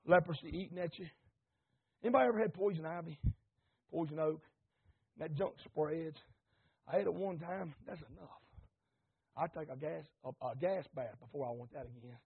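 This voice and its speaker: A man preaching an impassioned sermon, repeating phrases, asking the congregation questions and rising to shouts. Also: on the high side, moderate pace, creaky, pauses often, slightly rough. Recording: tinny phone-like recording.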